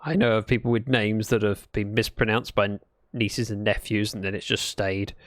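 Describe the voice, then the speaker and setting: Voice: mid-range voice, fairly even intonation, moderate pace, dry recording. A livestreamer chatting casually and playfully, telling little stories while playing. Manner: chatty, playful, storytelling asides. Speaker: Minecraft livestreamer. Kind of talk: casual gaming livestream chat.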